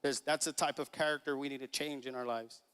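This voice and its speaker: A man's voice: medium pitch, steady tone, a little fast, a bit bright, clear, resonant tone. A man in his thirties preaching a sermon, telling a family story in a casual, chuckling way and acting out the dialogue. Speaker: pastor. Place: church sanctuary. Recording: long reverb of a church hall.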